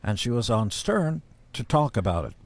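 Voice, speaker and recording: A man as a podcast guest telling casual stories in a blunt, profane, deadpan-boasting way. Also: mid-range voice, moderate pace. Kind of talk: casual storytelling.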